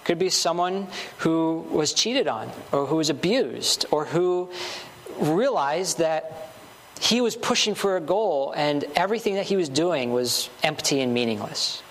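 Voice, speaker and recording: A man's voice: fairly high pitch, lively intonation, unhurried, slight background noise. Earnest man preaching a sermon. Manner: earnest, building emphasis with short repeated phrases.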